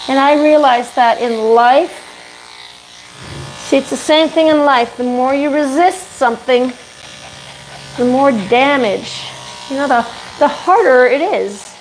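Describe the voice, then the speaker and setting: Chatty woman groomer, higher voice. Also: slow pace, pauses often, slight background noise, low-quality recording. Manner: chatty, talks to the dog and viewers while working. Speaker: dog groomer. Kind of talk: casual live-stream chat while grooming. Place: grooming room with a bath.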